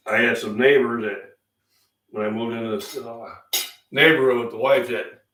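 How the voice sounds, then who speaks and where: The host, a middle-aged fitness streamer from Illinois with a Midwestern accent, chats and rambles with constant fillers over a casual breakfast live stream while coughing and clearing his throat from feeling unwell. His mid-range voice sounds pushed and bright, caught by a distant mic in an echoey room.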